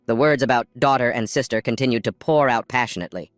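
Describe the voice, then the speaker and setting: A man reads a scripted comic recap in a steady storytelling voice of middling pitch. The sound is dry and close, with faint music running under the narration. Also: fast, dry recording.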